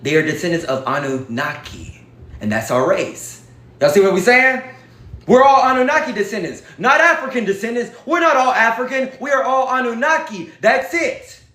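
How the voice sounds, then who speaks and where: A high-pitched man speaks straight to his viewers in a casual, emphatic, preachy way, often turning to them with y'all. His voice rings around a noticeably echoey room. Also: expressive, moderate pace, pushed and bright. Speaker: vlogger. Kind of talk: casual direct-to-camera talk.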